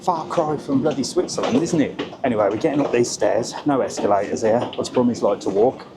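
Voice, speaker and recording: Brummie man, travel vlogger, chatty and grumbling, mid-pitched voice, noisy station ambience. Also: brisk. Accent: Birmingham. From Birmingham area, England. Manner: chatty, grumbling, swears casually. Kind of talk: casual vlog. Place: train stations and train, on the move.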